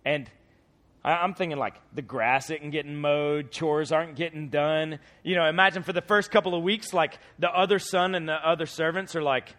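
A man in his thirties preaching a sermon, telling a story with acted-out voices and shouted peaks. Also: on the high side, normal speed. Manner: animated storyteller, acts out voices, shouts at climaxes.

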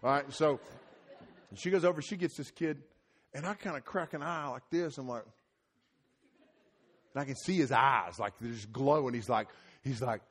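A middle-aged man preaching a sermon at a conference, mixing scripture with lively personal stories and getting loud when excited. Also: normal speed. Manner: animated, rises loud and high when telling stories. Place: conference hall.

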